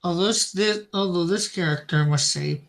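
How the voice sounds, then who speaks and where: A man's voice: high voice, brisk, creaky, fairly bright tone. Joking man reading out chat. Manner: joking, reads viewer comments aloud; laughs often. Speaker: co-host of a live drawing stream. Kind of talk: casual chat.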